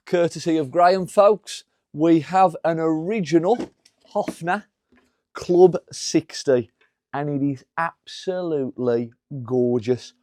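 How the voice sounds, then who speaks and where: A man's voice: on the high side, warm tone, no room sound. A man, hosting a jokey music shop vlog from his workbench, enthusiastic and fond of puns. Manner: enthusiastic, punning. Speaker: music shop guitar tech and host.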